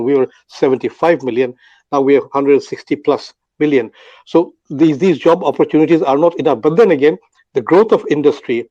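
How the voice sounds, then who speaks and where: An older Bangladeshi man, a guest on an online audio panel, offers unscripted commentary full of fillers and restarts. His voice is mid-range and warm, recorded lo-fi with no room sound.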